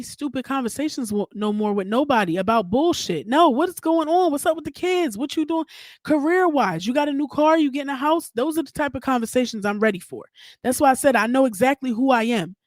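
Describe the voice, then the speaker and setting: A woman hosting her own podcast, ranting in a casual, profane, animated way straight to her listeners. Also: high voice, fairly quick, no room sound, clean studio sound. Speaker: podcast host. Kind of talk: casual solo podcast rant.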